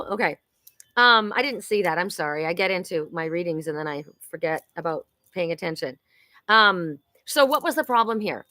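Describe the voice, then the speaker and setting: A woman's voice: mid-range voice, fairly bright tone, dry recording. A woman hosting a live-streamed oracle card reading, chatty and exclamatory, talking straight to her viewers. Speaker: psychic card reader and host. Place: home in Sedona.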